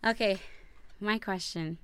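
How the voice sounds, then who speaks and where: A young woman co-hosting a casual live stream with her fiancé, playful and quick to laugh as she teases him. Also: medium pitch, a little hiss or hum. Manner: playful, laughs often, teasing. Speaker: co-host.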